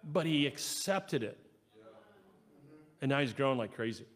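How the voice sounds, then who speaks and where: A man preaching a sermon in church, animated, acting out quoted voices and swinging between loud and soft. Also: medium pitch, measured pace. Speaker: pastor. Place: church sanctuary.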